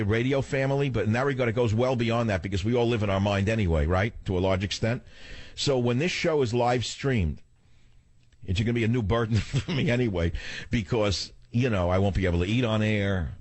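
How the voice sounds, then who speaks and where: A man's voice: on the low side, no room sound. An older man hosting a talk radio show, theatrical and wisecracking, chatting with callers and musing on air. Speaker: radio host. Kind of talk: talk radio chat and monologue.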